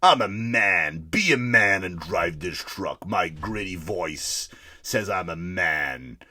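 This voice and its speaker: A man voicing a gruff, macho male truck commercial announcer with a gritty, slow, deep delivery. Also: animated, sharp tone, no echo, exaggerated voice. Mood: mock macho. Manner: mock-heroic bravado.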